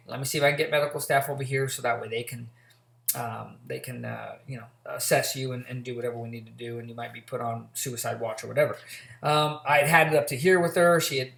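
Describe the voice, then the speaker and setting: A man's voice: fairly high pitch, vocal fry, fairly bright tone. A middle-aged man giving a recorded college lecture in a casual, storytelling way, with lots of fillers and restarts. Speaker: college instructor. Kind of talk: recorded lecture with a personal anecdote. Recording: echoey room.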